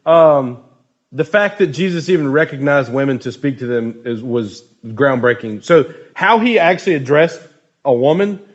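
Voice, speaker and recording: A man leading a casual youth group talk, loose and joking, with animated storytelling. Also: mid-range voice, normal speed, highs cut off.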